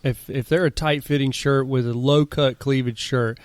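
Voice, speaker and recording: A man's voice: mid-range voice, fairly even intonation, moderate pace, dry recording. A male podcast co-host in casual chat, teasing a friend with exaggerated setups. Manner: teasing, exaggerating, rises loud when mocking.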